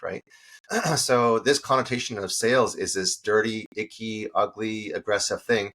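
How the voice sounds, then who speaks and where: Brief: middle-aged man, low husky voice, sales coach guest, lively storyteller. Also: moderate pace. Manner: animated storytelling, acts out quoted dialogue. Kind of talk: casual interview talk.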